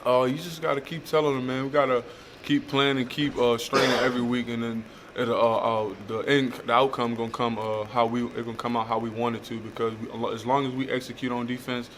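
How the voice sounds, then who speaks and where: A man's voice: mid-range voice, slight background noise. A young man, a college football player, answering reporters' questions with many fillers. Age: young adult. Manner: halting, many uh fillers, flat delivery. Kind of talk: press conference answers.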